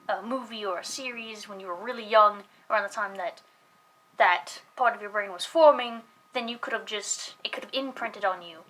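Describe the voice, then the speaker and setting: Young woman vlogger from the American South, higher voice, rambling and swearing freely with lots of fillers. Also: sharp tone, poor audio. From Southern United States. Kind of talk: casual talk to camera.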